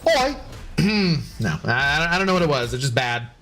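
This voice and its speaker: A man's voice: mid-range voice, animated, fast talker, bright, forceful tone, soft background music. A man streaming a game and chatting casually with his viewers, joking, sarcastic and swearing freely. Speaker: gaming streamer reading chat. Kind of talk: casual live-stream chat.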